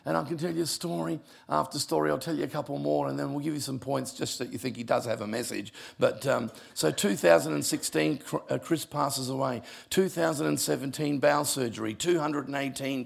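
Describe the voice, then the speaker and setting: Gravelly older male pastor. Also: fairly high pitch. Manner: emotional, conversational storytelling with asides. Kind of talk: sermon storytelling.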